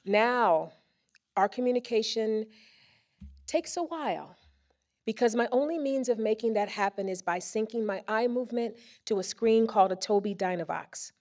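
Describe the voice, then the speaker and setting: A woman presenter reading a first-person story aloud on a theater stage into a microphone, with expressive comic timing. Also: fairly high pitch, moderate pace. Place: theater stage before a live audience.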